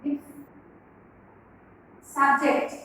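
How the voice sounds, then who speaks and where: A woman teaching an English grammar class, explaining slowly with repeated examples and emphasis. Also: a bit bright, slight background noise. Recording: echoey room with far-off mic and faint ambience.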